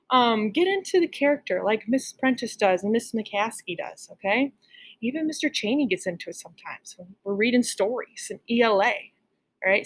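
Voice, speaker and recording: A woman's voice: medium pitch, animated, normal speed. Upbeat woman teacher giving a lesson. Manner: upbeat, encouraging, frequent "all right?" check-ins. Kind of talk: recorded class lesson.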